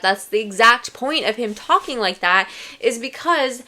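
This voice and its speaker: Bright-voiced, emphatic young woman. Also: a little high, lively intonation, moderate pace, few pauses. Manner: emphatic, opinionated, ranting. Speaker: podcast co-host. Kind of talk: casual chat.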